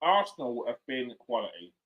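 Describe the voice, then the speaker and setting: A man hosting a live football watchalong, reacting excitedly, shouting at players and swearing. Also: medium pitch, moderate pace, muffled recording.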